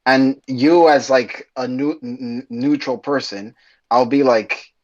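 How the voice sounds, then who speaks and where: Animated man telling a story. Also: medium pitch, moderate pace. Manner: animated storyteller, laughs between lines. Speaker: podcast co-host. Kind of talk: casual chat, storytelling. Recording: muffled podcast audio.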